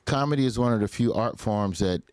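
A male guest comedian in a casual chat, making wry quick remarks. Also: fairly low pitch, a little mellow, clear, resonant tone, no room sound.

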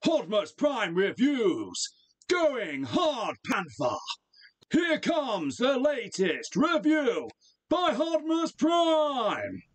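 Hyped intro announcer voiced by a man, very high and dragged out. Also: huge pitch swings, a little hiss or hum, full character voice. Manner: drawn-out shouted announcing.

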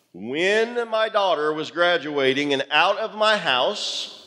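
A man, a pastor telling a personal story in a sermon with animated, self-deprecating humor. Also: high-pitched, slow pace, in a large hall. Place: church auditorium.

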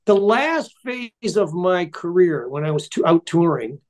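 A man's voice: high-pitched, sing-song, unhurried, a little mellow. An older man, a musician guest in an interview, telling rambling, chatty stories in a casual way.

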